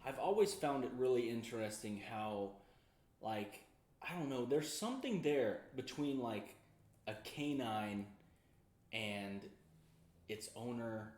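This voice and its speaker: A man co-hosting a podcast, reacting and chatting in lively banter. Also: mid-range voice, takes it slowly, roomy sound. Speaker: podcast co-host. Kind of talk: casual chat.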